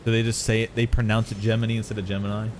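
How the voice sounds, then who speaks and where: A man's voice: fairly low pitch, monotone, very fast, noisy background. A man streaming a video game, chatting casually with his viewers and swearing now and then. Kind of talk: casual gameplay commentary.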